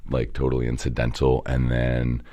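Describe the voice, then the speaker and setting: A young man from the Baltimore area, an entrepreneur guest in a casual interview, rambling and animated, swearing now and then. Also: rumbling low, moderate pace. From Baltimore area, Maryland.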